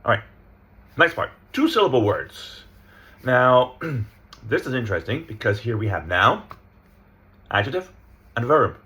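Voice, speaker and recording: A man's voice: medium pitch, very animated, measured pace, long pauses, pushed and bright. A man teaching English pronunciation from slides. He explains step by step, reads example sentences aloud and often checks in with "right?" and "okay?". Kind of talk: slide-based lesson.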